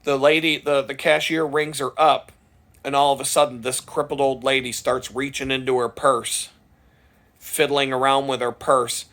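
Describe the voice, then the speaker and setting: Profane, animated man telling a story. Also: moderate pace. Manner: profane, animated storyteller who gets louder and higher at funny peaks. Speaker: vlogger. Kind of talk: casual storytelling.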